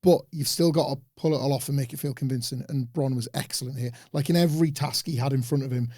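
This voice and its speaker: A man co-hosting a podcast, giving relaxed, opinionated analysis of a wrestling show. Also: medium pitch, fast talker, dry recording, studio quality. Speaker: podcast co-host.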